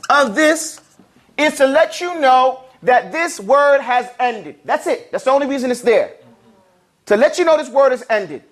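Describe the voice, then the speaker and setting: A man's voice: very high voice, a bit bright. A man teaching Arabic and recitation in a classroom, explaining patiently and having the class repeat each word after him. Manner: call-and-response, has the class repeat words.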